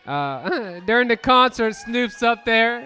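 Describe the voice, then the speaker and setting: A man in his thirties doing profane, animated stand-up comedy on a club stage, bantering with the crowd. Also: very high-pitched, takes it slowly, soft background music. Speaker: stand-up comic.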